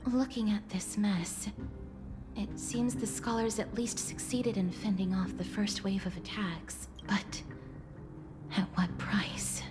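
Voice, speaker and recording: A solemn, watchful woman who speaks in a hushed, grave tone, voiced by a woman. Game music sits in the background. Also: mid-range voice, fairly even intonation, slow pace, natural voice.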